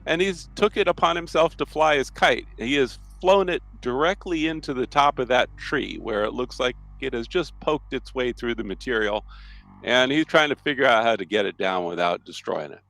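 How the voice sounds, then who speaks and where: A man's voice: medium pitch, animated, normal speed, vocal fry, fairly bright tone, dry recording, low-quality recording. A man acting as game master, narrating a tabletop role-playing scene loosely, with frequent restarts.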